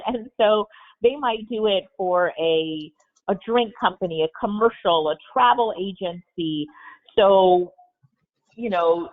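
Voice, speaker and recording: A motivational woman hosts a live video-call Q&A, her voice bright with encouragement. The audio is thin and phone-like, as from a webinar. She speaks at an even middle pitch. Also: slow pace. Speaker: webinar host. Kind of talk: live Q&A coaching session.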